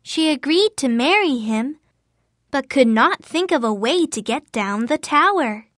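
A woman narrating a fairy tale in a clear, careful storybook reading for language learners. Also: sits high, animated, a little slow, a bit bright, no room sound, studio quality.

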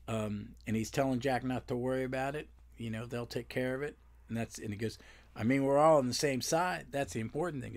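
Rambling man recapping a comic. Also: medium pitch. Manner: rambling, with self-corrections and fillers. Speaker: podcast host. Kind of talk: solo comic book recap.

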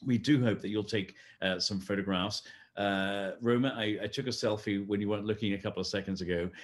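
Low-voiced chatty gala host. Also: male voice, fairly even intonation, a little fast. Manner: friendly, chatty, with frequent fillers. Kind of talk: live-streamed gala hosting.

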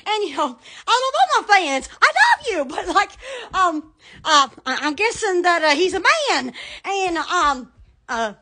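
A very high-pitched woman chats on a phone live stream, her voice bright and sharp. She talks slowly, with lively swoops in pitch. She squeals, yelps and laughs between her words. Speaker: live-stream host selling shop goods. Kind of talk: rambling live-stream chat.

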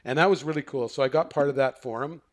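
A man's voice: mid-range voice, quick pace. Man retelling a story with acted-out quotes. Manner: animated, acts out quoted dialogue; frequent restarts and fillers. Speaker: podcast guest, counselor. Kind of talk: conversational storytelling.

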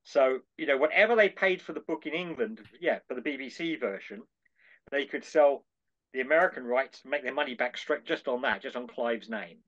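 A man's voice: medium pitch, a little fast. An older man, a podcast guest, recounting an anecdote at length and acting out the dialogue in different voices. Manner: animated, acts out dialogue in voices. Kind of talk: anecdotal storytelling. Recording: dull lo-fi call audio.

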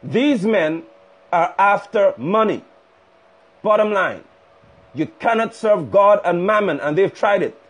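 A male preacher delivers a fiery, rebuking sermon over a phone livestream. His voice sits high and carries a husky edge. He drives each point home by repeating it with force. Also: expressive, slow, pauses often. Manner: fiery, rebuking, emphatic repetition.

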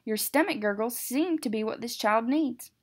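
A woman's voice: a little high, darkish tone, husky. Mister Z, a formal monster teacher, read by a woman. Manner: instructive, measured, formal. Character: formal male monster teacher, patient but strict.

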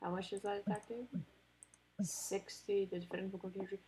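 A woman giving casual commentary while playing a card game, excitable, talking to the cards and groaning or cheering at each turn. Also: mid-range voice, a little fast, slight background noise. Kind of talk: casual let's-play commentary.

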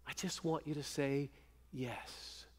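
A preacher voicing a tender bridegroom offering everything. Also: male voice, mid-range voice, slow, breathy edge, in a large hall, pitched below the performer's own voice. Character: Christ as loving bridegroom, tender man. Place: church sanctuary.

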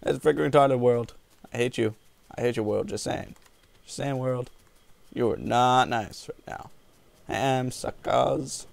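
A man giving jokey, rambling let's-play commentary on a video game, with sudden whoops and yells. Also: mid-range voice, slow pace, gravelly, long pauses, a little hiss or hum. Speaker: gaming video host.

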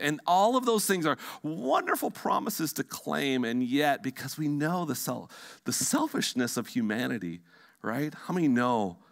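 A male pastor delivers a sermon with a bright, forward tone and a middle-pitched voice. He preaches with animation, pressing hard on some points and dropping almost to a hush on others. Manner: animated preaching, swings from emphatic to hushed. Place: church sanctuary.

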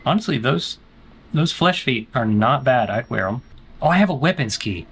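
Animated bright-voiced man gaming. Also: mid-range voice, normal speed, husky, soft background music. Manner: jokey, answers chat, sudden panicked yelps. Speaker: gaming streamer. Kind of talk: let's play commentary.

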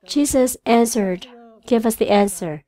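A woman whose first language is Vietnamese, interpreting a church sermon in an earnest, halting way with frequent restarts. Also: on the high side, warm tone.

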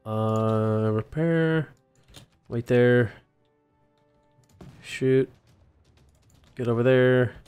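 A man's voice: mid-range voice, extremely slow, long pauses, a little mellow, clear, resonant tone, lo-fi sound, faint music behind. A young Australian man giving rambling, casual commentary while playing a strategy game, chatting to his units. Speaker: gaming YouTuber. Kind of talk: casual let's-play commentary.

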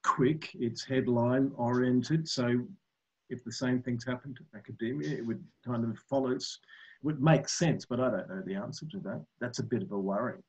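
Man, video call participant, measured, reflective, husky voice, lo-fi call audio. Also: mid-range voice, darkish tone. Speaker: meeting participant. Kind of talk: casual video call chat.

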